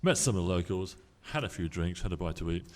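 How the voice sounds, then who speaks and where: Man, low mellow voice, storyteller on a panel, hall reverb. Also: lively intonation, quick pace, slight background noise. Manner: rambling storyteller with restarts, acts out quoted voices. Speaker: convention panel guest. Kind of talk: anecdote told to a live audience. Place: convention panel room.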